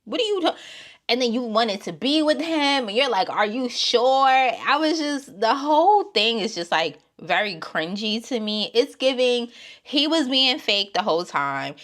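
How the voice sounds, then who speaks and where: A woman giving blunt, profane opinions in a casual vlog, dropping from low mutters to loud exclamations. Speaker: TV show reviewer.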